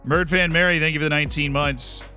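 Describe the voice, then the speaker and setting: A young American man streaming live, chatting casually and answering viewer messages with animated, joking replies and quick restarts. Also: on the high side, faint music behind. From United States.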